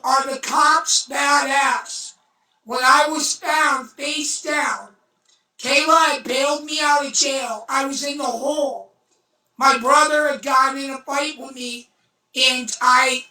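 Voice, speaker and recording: A woman telling a story on a phone livestream, blunt and intense, swearing and breaking into shouts. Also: high voice. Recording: roomy echo, far from mic.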